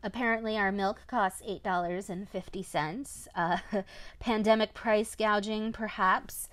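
Unhurried mother reviewing a toy. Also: mid-range voice, steady tone, fairly bright tone, no echo. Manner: chatty, often adds a questioning "right?". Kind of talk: casual product review.

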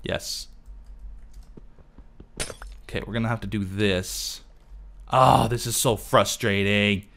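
A man's voice: lowish voice, fairly even intonation, takes it slowly, vocal fry, long pauses, a bit bright, a little hiss or hum. A man casually narrating his own gameplay, talking to himself as he builds and fusses over details. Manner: chatty, talks to himself while building. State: losing his voice. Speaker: let's play host.

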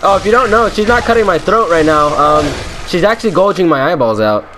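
Man, gamer, high voice, joking commentary, chats to monsters, frequent laughs. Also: expressive, fairly quick. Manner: jokey, talks to game enemies, laughs often. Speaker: let's play gamer. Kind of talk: casual gameplay commentary.

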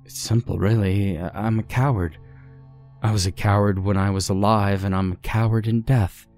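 A man's voice: steady tone, moderate pace, darkish tone, soft background music, lightly acted. A man voicing a sad, resigned ghost woman who speaks in a tired, heavy way. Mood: weary. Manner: tired, heavy, low-voiced.

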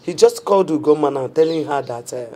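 A woman's voice: low voice, animated, fast, dark tone, slight background noise. An actress with a Nigerian accent playing a middle-aged wife in a film drama who scolds her husband indignantly. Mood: worried. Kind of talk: Nollywood film acting.

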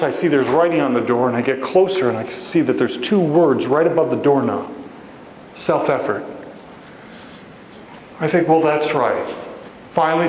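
A man preaching a storytelling sermon as guest preacher, animated and acting out the voices in his story. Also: echoey room, long reverb tail, slight background noise, low-quality recording. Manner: animated, acts out voices with big pitch jumps. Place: church sanctuary.

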